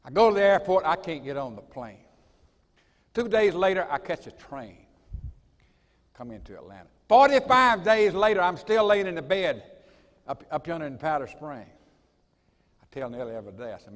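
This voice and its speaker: Older man with a lively, folksy delivery. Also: a little high, moderate pace, pauses often. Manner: folksy, animated, emphatic. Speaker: guest speaker at college assembly. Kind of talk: folksy storytelling speech. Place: school assembly hall. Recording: long reverb of a large hall.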